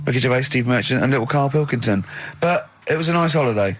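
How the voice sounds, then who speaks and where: A man's voice: mid-range voice, animated, fast talker, fairly bright tone. A man hosting a radio show in casual chat, teasing his guest and prodding him with questions. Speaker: radio host. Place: radio studio. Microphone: studio microphone.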